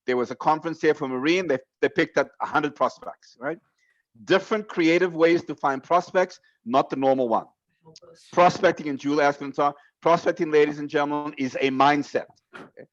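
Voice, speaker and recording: A man's voice: on the high side, a little fast. Man coaching sales reps over a dull call line. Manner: emphatic, numbered points, direct address. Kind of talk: motivational talk on a team call.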